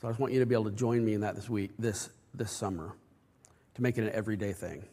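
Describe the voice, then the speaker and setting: A man's voice: fairly low pitch, steady tone, fast talker, dark tone. Earnest male pastor in echoing church. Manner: conversational, earnest, frequent restarts. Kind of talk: sermon. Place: church sanctuary. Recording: long reverb of a church hall.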